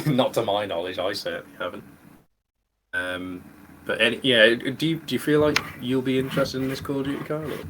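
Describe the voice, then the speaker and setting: A man's voice: mid-range voice, fairly even intonation, normal speed, background noise. A man in his thirties from the UK, hosting a casual gaming podcast with friends, chatty and rambling, laughing often. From United Kingdom. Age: 30s. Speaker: podcast host. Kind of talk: casual chat among friends.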